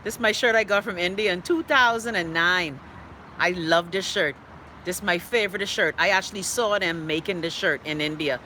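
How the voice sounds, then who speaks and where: A Bahamian host of a live online show chats casually and bluntly indoors while reading viewer comments, slipping in playful dialect asides. She speaks at normal speed in a fairly low, bright, forceful voice, with slight background noise.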